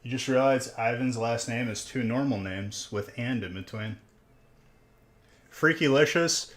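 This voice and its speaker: Alone in a room, a young man hosts a live stream opening trading card packs, chatting casually, rambling and teasing his viewers. His mid-range voice has a fairly bright tone and a slightly slow pace.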